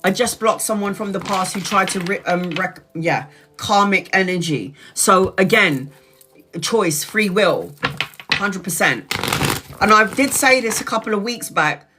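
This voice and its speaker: A woman's voice: mid-range voice, pushed and bright. A woman giving a live-streamed tarot reading, chatty and blunt, swearing casually as she talks. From Brazil. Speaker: tarot reader.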